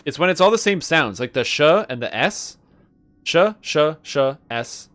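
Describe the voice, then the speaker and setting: A man's voice: a little high, very animated, moderate pace, a bit bright. A man streaming live, chatting casually with viewers and playfully stumbling through tongue twisters. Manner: playful, reads tongue twisters aloud, stumbles and laughs at himself.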